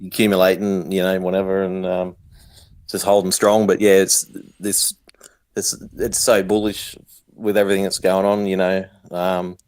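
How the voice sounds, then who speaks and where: A man's voice: sits low, flat delivery, moderate pace, darkish tone, clear, resonant tone, no echo. A man with an Australian accent chatting casually as a caller, hesitant with many ums. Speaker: viewer calling in. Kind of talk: casual chat.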